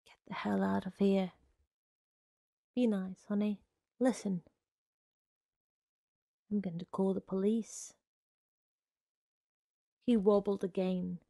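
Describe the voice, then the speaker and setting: A woman reading a short story aloud in a slow, measured way. Her voice has a gravelly fry, and the recording is dry and close. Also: medium pitch, dry recording. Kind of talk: literary reading.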